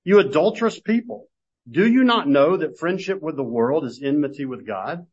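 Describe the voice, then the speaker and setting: A man teaching a Bible class, telling homey, self-deprecating stories and then reading scripture in a measured way. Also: fairly high pitch, animated, breathy edge. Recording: dull lo-fi recording.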